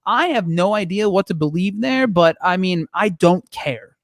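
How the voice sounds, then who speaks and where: Man, casual podcast co-host, bright high voice, dry close sound, swears freely. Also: expressive, normal speed, creaky, no echo. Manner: profane, joking banter. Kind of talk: casual live-stream chat.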